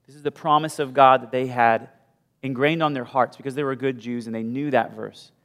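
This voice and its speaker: A male pastor preaching a sermon with animated storytelling, moving from loud bursts to hushed asides. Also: mid-range voice, fairly quick. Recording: long hall reverb.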